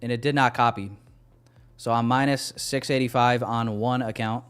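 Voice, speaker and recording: A man's voice: mid-range voice, fairly even intonation, normal speed, fairly bright tone, clean tone. A young man giving live commentary on his trades to a stream chat, casual and self-deprecating.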